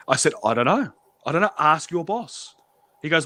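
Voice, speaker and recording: A man's voice: on the high side, lively intonation, quick pace, pushed and bright, no echo. A man telling prison stories on a stream in a blunt, profane way, acting out the exchanges he quotes. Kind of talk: casual storytelling.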